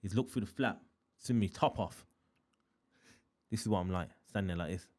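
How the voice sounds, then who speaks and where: A man's voice: fairly low pitch, normal speed. A man from Birmingham with a Birmingham accent, an interview guest telling a story in casual, slangy talk and acting out the scenes. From Birmingham, England. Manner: animated, slangy, acts out scenes.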